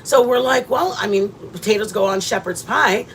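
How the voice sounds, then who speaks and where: A chatty woman hosts a casual cooking livestream and talks straight to her viewers. She rambles loosely from one thought to the next in an ordinary mid-range voice. A faint low rumble runs underneath. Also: moderate pace. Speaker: livestream host.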